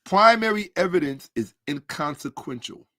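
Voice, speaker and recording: A man's voice: a little high, expressive, moderate pace, bright, forceful tone, a little hiss or hum. A man in a combative commentary monologue, sarcastic and repeating his points for emphasis, dropping to a mutter while he checks his screen.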